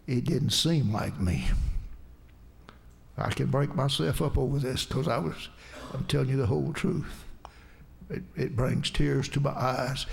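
A man's voice: mid-range voice, creaky. A man preaching a sermon, telling a personal testimony in an earnest storytelling way, his voice rising in emphatic bursts.

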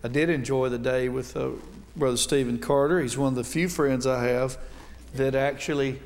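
Folksy North Alabama preacher, ringing hall. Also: male voice, medium pitch, steady tone, moderate pace. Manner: folksy, joking asides. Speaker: visiting Baptist preacher. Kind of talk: sermon. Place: church sanctuary.

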